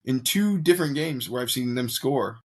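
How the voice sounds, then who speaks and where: A man with a husky voice at mid pitch chats casually about football. He slips in dry, sarcastic remarks. His tone stays relaxed and conversational. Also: normal speed. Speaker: co-host. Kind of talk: casual sports chat.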